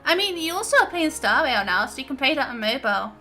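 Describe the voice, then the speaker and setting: A woman's voice: high-pitched, very animated, quick pace, bright, forceful tone, soft background music. A young woman streaming a game, chatty and giggly as she reacts to her chat. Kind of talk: casual gameplay chat.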